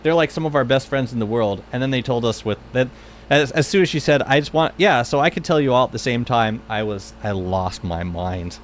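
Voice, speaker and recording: A man in his thirties streaming a game, chatting casually and excitably with many restarts. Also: medium pitch, a little fast, slight background noise. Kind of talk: casual live-stream chat.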